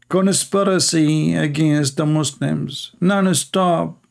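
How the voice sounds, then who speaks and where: A man's voice: mid-range voice, moderate pace, gravelly, darkish tone. A man hosting a live stream, mocking and sarcastic, in broken English. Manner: sarcastic, mocking, non-native English grammar. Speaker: debate stream host.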